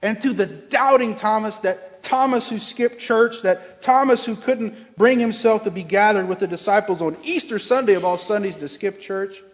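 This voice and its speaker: Pastor, male, high voice; earnest and gentle sermon, pausing often, with a long church reverb. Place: church sanctuary.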